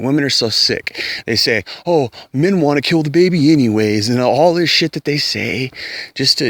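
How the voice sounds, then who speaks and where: A man at an ordinary pitch rants heatedly to camera, swearing and hammering his points with repeated words. His voice is recorded close and dry, with no room echo. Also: pushed and bright. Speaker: vlogger. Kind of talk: opinion rant to camera.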